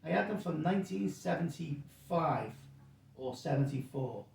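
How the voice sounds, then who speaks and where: A gravelly, mellow-voiced man spins a rambling story, correcting himself as he goes and acting out each quote. He sounds a little high for his age, and the mic sits far off in a roomy space. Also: expressive, normal speed. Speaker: guest storyteller. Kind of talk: casual anecdote telling.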